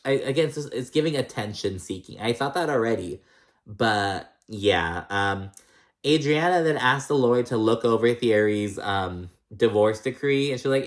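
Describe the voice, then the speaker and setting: A man's voice: medium pitch, moderate pace. Sassy, foul-mouthed man recapping reality TV. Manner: sassy and blunt, swears a lot, says "girl" often. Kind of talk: casual profane recap chat.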